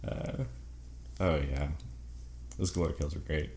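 Deep-voiced male podcast co-host, casual and eager, laughs a lot, lots of fillers. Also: steady tone, slow pace, a little mellow, slight background noise. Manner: enthusiastic, laughs often, many fillers. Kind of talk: casual gaming chat.

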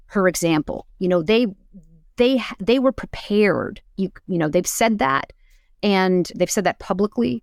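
A woman with a lowish voice talks in a fairly monotone way. She is a guest in an interview, hesitating and restarting her phrases as she goes. The sound is dry and close. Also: dry recording. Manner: hesitant, many restarts and fillers. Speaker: guest analyst. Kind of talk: casual interview talk.

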